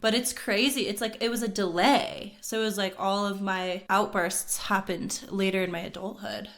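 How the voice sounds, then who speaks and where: An earnest woman co-hosting a podcast, talking through her thoughts in a loose chatty way. She leans on "like" and sits at an ordinary middle pitch. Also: fairly even intonation, moderate pace. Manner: earnest, many "like" fillers. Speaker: podcast co-host. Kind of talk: casual chat.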